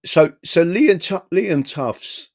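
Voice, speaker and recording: A talkative man holds forth in a loose live-stream monologue, full of swearing, little chuckles and constant "right?" tags. His pitch rises and falls all over the place. The sound is dry and close, with no room echo. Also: expressive, extremely slow, gravelly. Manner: talkative, profane, keeps tagging "right?"; chuckles between phrases. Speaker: political activist streaming. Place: his own small home studio.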